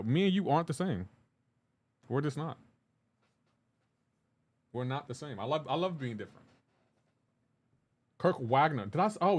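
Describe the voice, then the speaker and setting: A man streaming a game live, chatting casually, reading and answering chat aloud in a joking, teasing way. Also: on the high side.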